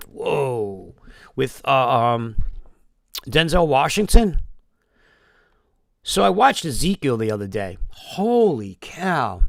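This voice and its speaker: A man's voice: a little high, vocal fry, dry recording, studio quality. A man telling a long emotional story in a rambling live-stream monologue, swearing often.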